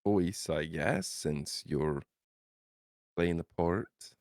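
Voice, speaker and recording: A man playing a tabletop game, talking in a hesitant, halting way. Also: low-pitched, darkish tone, no room sound, clean studio sound. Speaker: player. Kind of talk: tabletop role-play, casual chat.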